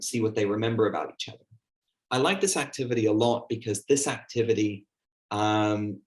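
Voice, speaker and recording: A man giving a teacher training workshop, speaking conversationally and acting out the questions he asks his class. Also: medium pitch. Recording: echoey room.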